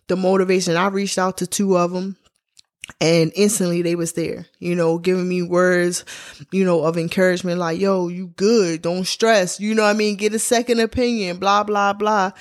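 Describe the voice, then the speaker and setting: A woman in her forties, a podcast host, candidly telling a personal story to her listeners in a casual, slangy, heartfelt way. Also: on the low side. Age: 40s.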